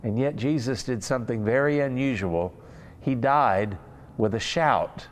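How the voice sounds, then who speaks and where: A man preaching a sermon in an unhurried, conversational way. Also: mid-range voice. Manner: conversational, unhurried, with fillers and asides.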